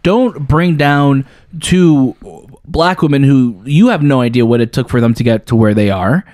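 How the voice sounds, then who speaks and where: A man's voice: medium pitch, normal speed, darkish tone, no echo, studio quality. A man co-hosting a casual podcast chat, blunt and emphatic, often cutting in to agree.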